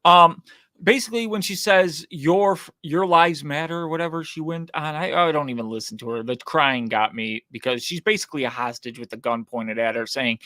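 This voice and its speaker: A man's voice: on the high side, normal speed, pushed and bright, no room sound, studio quality. A man hosting a casual political commentary show, mocking and sarcastic as he reacts to clips.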